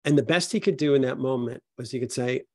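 Here a middle-aged man who works as an HR consultant plays both parties in a hard workplace exchange during a panel talk. He talks fast in a mid-range, slightly mellow voice, captured in a clean studio with no room sound.

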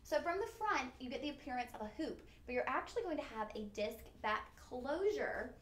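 A woman's voice: sits high, animated, brisk, a bit bright. A woman hosting a live shopping stream, chatty, upbeat and a bit goofy. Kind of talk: live-stream jewelry selling. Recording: echoey studio room.

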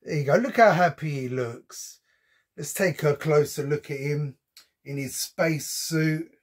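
A man's voice: on the high side, measured pace. A man chatting casually as he unboxes a collectible for his channel, with frequent ums and slang. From United Kingdom. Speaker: unboxing vlogger.

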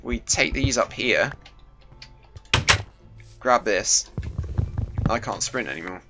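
A British teenager sweats in the heat as he rambles through a jokey Minecraft let's play for YouTube, slipping into silly voices. He speaks slowly and animatedly in a mid-range voice, pausing often, with faint music behind the muffled home recording.

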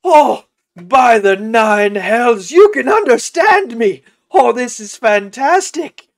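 A man voicing an excitable male talking sheep who gushes and flatters, in a high, loud voice. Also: slow, exaggerated voice. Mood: gushing. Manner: gushing, exclamatory, flattering.

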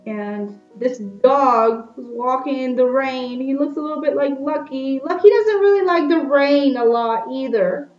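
A woman's voice: sits high, unhurried, soft background music. Patient woman teacher in an echoey room. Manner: patient, repeats "okay?" to check understanding. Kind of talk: recorded online class instructions for children. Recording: echoey room, slightly dull lo-fi sound.

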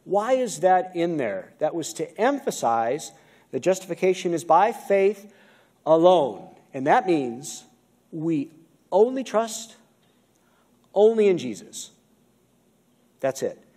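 An American man delivers a sermon in a church, his pitch sitting high and swinging widely between phrases. He keeps the congregation involved, asking questions as he explains each point. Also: slow, pauses often. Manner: animated preaching, asks the congregation questions. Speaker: pastor. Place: church sanctuary. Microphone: video-recorded pulpit mic.

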